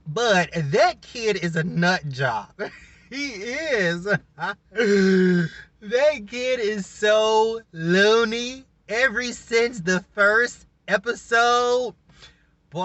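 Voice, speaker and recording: Casual male vlogger, rambling and emotional, bright, forward tone. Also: sits high, no room sound. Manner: rambling, laughing often, emotional. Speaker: YouTuber reviewing a reality show. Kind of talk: casual reaction vlog.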